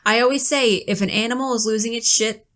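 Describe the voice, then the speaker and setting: A young adult woman co-hosting a podcast, reacting to scary stories with loud, profane, dramatic outbursts. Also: on the high side, steady tone, fast. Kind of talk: casual chat.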